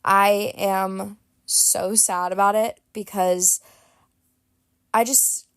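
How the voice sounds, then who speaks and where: A young woman talking straight into a close mic in a dry, deadened space, hosting her own podcast. She rambles chattily through fillers and restarts. Her opinions come out blunt and unfiltered. Her voice sits at an ordinary middle pitch. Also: steady tone, very slow, a bit bright, clear, resonant tone, dry recording. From Boston area. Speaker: podcast host. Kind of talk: casual chat.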